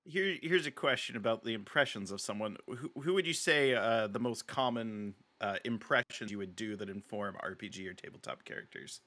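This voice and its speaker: A man hosting a podcast, asking quick, animated questions with filler words. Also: lowish voice. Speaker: podcast host. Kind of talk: casual interview chat.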